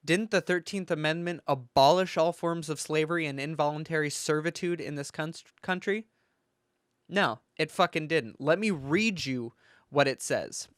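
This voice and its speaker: A man rants in a heated, foul-mouthed way, hammering his points with sarcasm and emphasis. His voice sits a little high for a man. The sound is dry and close, with no room echo. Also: normal speed. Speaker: political commentator. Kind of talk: profane ranting commentary.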